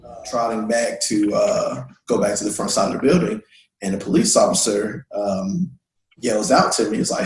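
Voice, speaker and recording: A man's voice: mid-range voice, normal speed, reverberant, rough recording. A man telling a personal story in a casual discussion, acting out the voices he quotes. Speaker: guest.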